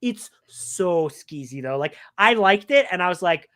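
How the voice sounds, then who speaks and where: A woman's voice: lowish voice, lively intonation, measured pace, a bit bright. A young woman co-hosting a casual chat, rambling with lots of fillers and restarts. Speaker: co-host.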